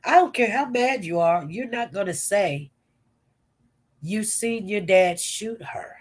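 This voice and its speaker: A woman's voice: mid-range voice, lively intonation, takes it slowly. A woman with a cold, coughing now and then, giving chatty live commentary and talking straight to her viewers and chat. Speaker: livestream host. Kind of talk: casual commentary livestream.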